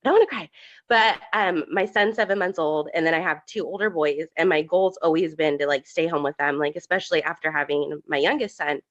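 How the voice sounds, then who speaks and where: A woman's voice: deep voice, brisk, hardly any pauses, fairly bright tone, lo-fi sound. A young woman giving a tearful testimonial on a video call, talking with lots of "like" fillers. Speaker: new business promoter.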